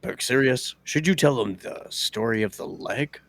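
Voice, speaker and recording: A man's voice: medium pitch, moderate pace, a bit bright, no room sound. A man playing a tabletop game, teasing his fellow players in an amused way.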